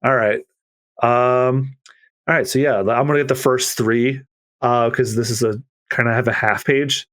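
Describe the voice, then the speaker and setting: A man co-hosting a manga readthrough podcast, talking casually in a relaxed, rambling way. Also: medium pitch, a little slow. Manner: relaxed, rambling, lots of fillers. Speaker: podcast co-host. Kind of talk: casual chat and manga read-aloud.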